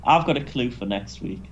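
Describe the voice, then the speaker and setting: A man co-hosting a casual gaming commentary, animated, sarcastic and sweary. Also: medium pitch, dull audio, slight background noise. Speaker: co-host.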